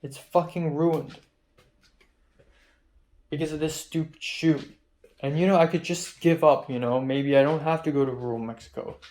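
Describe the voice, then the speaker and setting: A man's voice: on the high side, fairly even intonation, moderate pace, pauses often, darkish tone. Agitated young man ranting. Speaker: vlogger. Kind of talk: confessional video diary. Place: his apartment, indoors.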